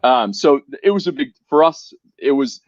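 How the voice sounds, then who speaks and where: A man's voice: mid-range voice, moderate pace, no room sound. Man talking over a dull dry line. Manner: animated, restarts sentences, repeats words. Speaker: whiskey brand co-founder, guest. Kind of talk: casual conversational interview.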